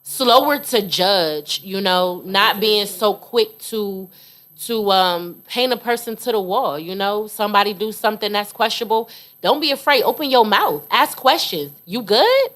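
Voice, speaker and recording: A woman's voice: medium pitch, moderate pace, fairly bright tone. A woman from Buffalo co-hosting a podcast, giving earnest advice in a casual chat full of "you know". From Buffalo, New York.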